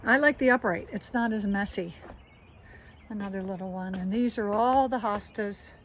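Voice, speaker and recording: A woman's voice: mid-range voice, moderate pace, slight background noise, low-quality recording. A woman with a South Jersey accent giving a casual walking tour of her suburban garden, chatty and enthusiastic as she points things out.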